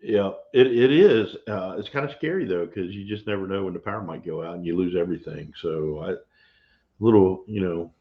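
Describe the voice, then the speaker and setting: Gravelly man chatting on a stream. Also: sits low, a little fast. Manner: chatty, laughs often, playful teasing. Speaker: co-host of a homestead live stream. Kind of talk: casual chat. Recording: dull lo-fi live stream audio.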